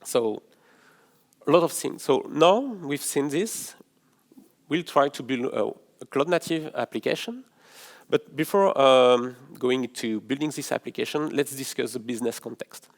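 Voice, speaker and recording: French-accented man, middle-aged, mid-pitched, halting conference presenter who often restarts his phrases. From France. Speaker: conference speaker, developer advocate. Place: in-person conference session room.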